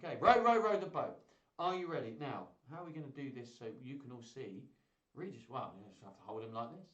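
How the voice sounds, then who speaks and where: A man's voice: mid-range voice, lively intonation, quick pace, echoey room, dull audio. A man hosting a live-streamed children's music show. He chats playfully with toys and viewers between songs. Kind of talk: live-streamed kids' singalong chat.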